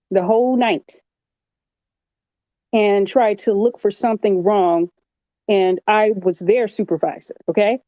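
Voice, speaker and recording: A woman hosts a casual talk and speaks frankly, pressing hard on her points. Her voice is mellow and dark. The recording is dry and close. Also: medium pitch, no room sound, low-quality recording. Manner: frank and emphatic. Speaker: host and nurse. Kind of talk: casual chat.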